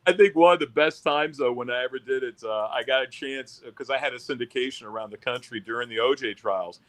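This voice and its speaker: A man's voice: mid-range voice, quick pace, a bit bright. A man hosting a casual chat show, telling stories with bawdy jokes. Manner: storytelling, bawdy joking. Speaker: radio host.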